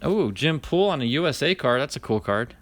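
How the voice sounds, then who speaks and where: A man's voice: mid-range voice, expressive, fairly quick. A man vlogging as he opens a pack of cards, reading each name aloud in a chatty running list and talking to viewers by name. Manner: talks to live viewers by name. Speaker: card-opening vlogger. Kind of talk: casual card-opening commentary.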